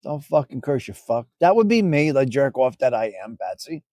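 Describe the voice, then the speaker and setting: A man's voice: mid-range voice, sing-song, moderate pace, dark tone, no echo. A middle-aged man hosting a casual live stream, bantering loosely and profanely with viewers in the chat.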